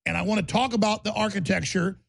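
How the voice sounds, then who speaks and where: A man's voice: high-pitched, fast, gravelly, breathy edge. A man hosting a talk radio show, brash and sarcastic, often stammering and repeating words.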